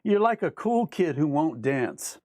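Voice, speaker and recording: A man's voice: on the high side, very animated, unhurried, a little mellow, no room sound, clean studio sound. A man hosting a live show, reading viewer comments aloud and arguing with them in an emphatic, repetitive way. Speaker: livestream host. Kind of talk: ranting live chat reading.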